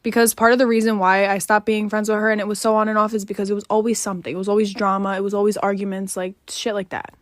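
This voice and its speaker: A woman narrates a casual storytime in a chatty way, dropping "like" fillers and casual swears. Her voice sits at a middle pitch. The sound is dry and close, as if into a phone. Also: level tone, fast talker, hardly any pauses, no room sound.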